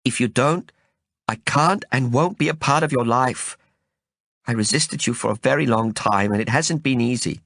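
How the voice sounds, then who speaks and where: A man reading the lines of a composed, resolute young woman, in a calm, firm and guarded manner. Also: medium pitch, moderate pace, vocal fry, no echo, studio quality, pitched above the performer's own voice.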